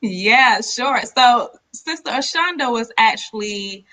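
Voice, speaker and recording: A woman speaks very slowly as a guest in a casual conversation, and she laughs easily. Her voice is bright and sharp, and it sounds dry and close to the mic. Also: on the high side, lively intonation, no echo, low-quality recording.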